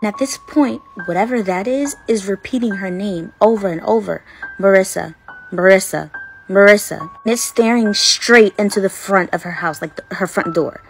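A woman casually telling a spooky story with suspenseful pauses. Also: mid-range voice, soft background music. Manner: dramatic, suspenseful. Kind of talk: casual spoken ghost story.

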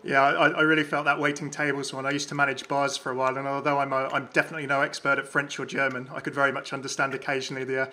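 Fast, bright-voiced man hosting. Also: medium pitch, little pitch movement. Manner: hedging with many "sort of" fillers and restarts. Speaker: interview host. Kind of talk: conversational interview questions.

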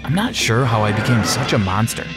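A man giving an expressive first-person narration of an animated story. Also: medium pitch, a little fast, loud music behind the voice.

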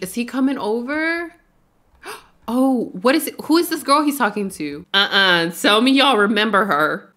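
A woman hosting a casual let's-play video, chatty and quick to laugh while she plays. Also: mid-range voice, fairly bright tone. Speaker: gaming video host.

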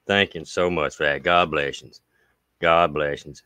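A man with an Appalachian accent and a smooth voice, hosting a casual livestream and reading viewer mail in a folksy way, with long drawn-out thanks. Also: a bass voice, steady tone, pushed and bright, dry recording.

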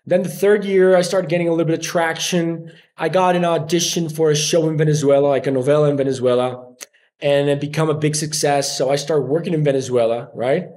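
A man's voice: fairly high pitch, a little fast. A man, a podcast guest telling stories in a casual way and acting out the voices of people he quotes. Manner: animated, acts out quoted voices. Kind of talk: casual storytelling.

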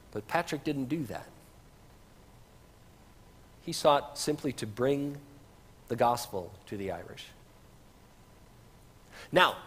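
Male pastor, sermon; husky, animated delivery, easygoing asides; reverberant church stream. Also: on the high side. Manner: conversational, with casual asides. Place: church sanctuary.

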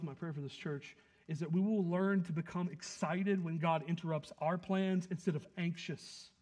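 Male pastor, high-pitched, preaches with loud emphasis and soft asides, acts out quotes. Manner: animated, swings between loud emphasis and quiet asides; plays out the scene with quick acted quotes. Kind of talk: sermon.

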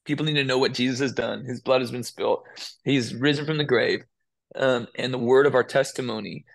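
A man's voice: medium pitch, steady tone, fairly quick, creaky. A man, a worship musician, talking earnestly and emotionally in a casual interview, often restarting his sentences.

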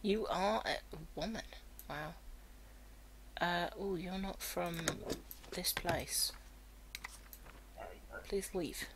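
A woman's voice: lowish voice, very slow, pauses often, slight background noise. A woman giving casual commentary while playing a video game, reading the on-screen text aloud and joking about it. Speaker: let's play gamer. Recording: game music underneath. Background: game music.

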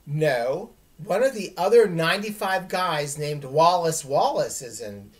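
A woman's voice: sits low, lively intonation, unhurried. Woman reading a sarcastic schoolgirl. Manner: dry, sarcastic. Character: sarcastic, level-headed middle-school girl.

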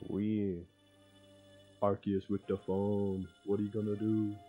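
A man's voice: on the low side, completely flat delivery, slow, dark tone, faint music behind. A young man giving goofy, rambling let's-play commentary, joking about the game. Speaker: gamer.

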